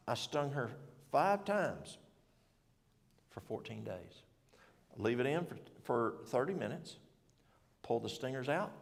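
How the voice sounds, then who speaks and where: Here a middle-aged man with a gravelly mid-range voice gives a casual health talk at a church. His delivery is folksy and meandering, with frequent self-corrections. The church hall lends the recording a long reverb.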